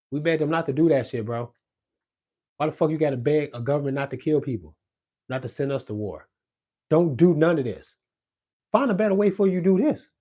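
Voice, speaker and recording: A man, delivering a profane, confrontational monologue rant that swings between low muttering and loud outbursts. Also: breathy edge. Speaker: podcast host ranting on politics.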